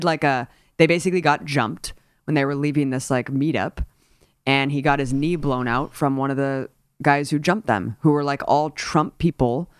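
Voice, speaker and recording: Animated woman talking politics, dry mic. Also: rumbling low, no room sound. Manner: animated, indignant, rambling with fillers. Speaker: political commentary host. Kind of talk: casual political discussion.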